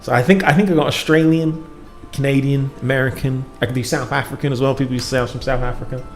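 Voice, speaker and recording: Faint music plays in a roomy recording as a British community manager hosts a gameplay stream, chatting and cracking self-deprecating jokes. He talks fast in a steady, mid-range voice.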